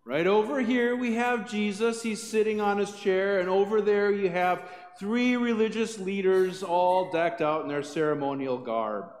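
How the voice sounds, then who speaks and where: A man pastor preaching a sermon with animated storytelling. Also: fairly high pitch. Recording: echoey church hall.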